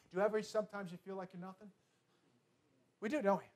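A pastor with a notably high voice preaches to his congregation. He leans hard on repetition, shifts between hushed asides and ringing declarations, and keeps the tone earnest throughout. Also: a little fast, long pauses. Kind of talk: sermon.

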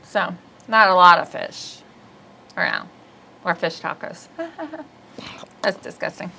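A woman hosting a podcast in casual comedic chat, rambling, giggly and quick to poke fun at herself. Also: on the low side, very animated, gravelly, pushed and bright, poor audio. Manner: rambling, giggly, self-deprecating. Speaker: podcast host.

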